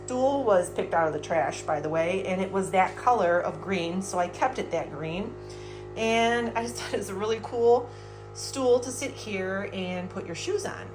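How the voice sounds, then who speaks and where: A woman's voice: medium pitch, moderate pace, music in the background. Chatty woman giving a thrift-filled home tour. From United States. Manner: chatty, enthusiastic about thrift finds. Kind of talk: casual home tour vlog.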